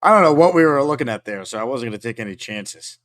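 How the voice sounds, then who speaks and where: A man hosting a talk show, teasing a caller in playful banter with a deadpan tone. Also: medium pitch, quick pace. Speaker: host.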